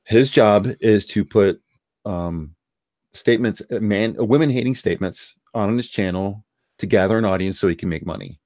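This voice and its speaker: Low-voiced blunt male streamer. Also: normal speed, a little mellow, dry recording, studio quality. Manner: blunt, rambling opinions. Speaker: streamer hosting a call-in discussion. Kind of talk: casual live-stream chat.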